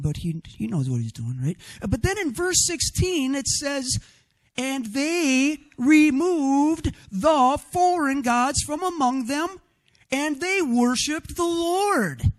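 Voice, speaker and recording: A man preaching a sermon in an expressive way, sometimes getting loud and often adding a questioning "right?" to his points. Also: very high voice, takes it slowly. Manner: rhetorical "right?" asides.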